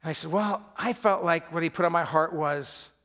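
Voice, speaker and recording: A man's voice: fairly high pitch, normal speed, fairly bright tone. A middle-aged man from Michigan preaching a sermon as pastor, telling stories and acting out the voices of people he quotes.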